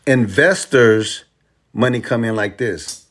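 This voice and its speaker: A man's voice: mid-range voice, takes it slowly, fairly bright tone, soft background music. A man teaching crypto trading in casual, emphatic, repetitive speech, using slang and selling his course. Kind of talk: casual teaching demo with music.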